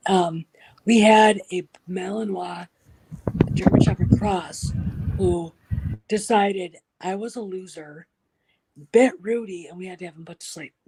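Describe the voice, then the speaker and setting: Husky woman in casual chat. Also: mid-range voice, a little slow, long pauses, low-quality recording. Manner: animated storyteller, drops into soft whispers.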